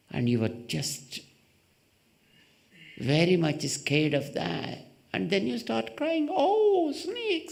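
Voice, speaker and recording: A man teaching as a spiritual leader in a temple hall, explaining ideas through simple examples and rhetorical questions, and acting out quoted voices in a sudden high pitch. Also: vocal fry. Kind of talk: slow spiritual discourse.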